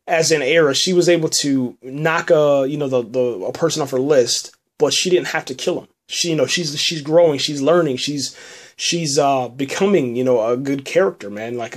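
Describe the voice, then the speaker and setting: A man's voice: mid-range voice, brisk. A man hosting a podcast, recapping a TV episode in a loose, rambling way, full of fillers and repeated words. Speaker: podcast host reviewing a TV episode. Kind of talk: casual spoken review.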